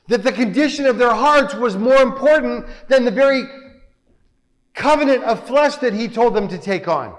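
Brief: male preacher, high voice, emphatic, asks rhetorical questions, church sanctuary. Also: long reverb tail, poor audio. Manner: emphatic, rhetorical questions, reads scripture aloud. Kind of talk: sermon.

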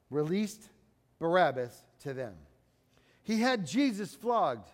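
A high-voiced man preaching a sermon, his words carrying a long reverb as if in a big hall. He builds phrases up loudly for emphasis, then drops to a low, hushed tone. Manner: dramatic, rising for emphasis and dropping low and quiet.

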